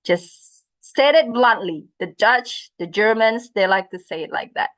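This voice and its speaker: A woman's voice: medium pitch, expressive, measured pace, fairly bright tone. A woman lecturing an online class, asking students questions and mixing in phrases. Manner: interactive, asks questions, switches into Indonesian phrases. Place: video call.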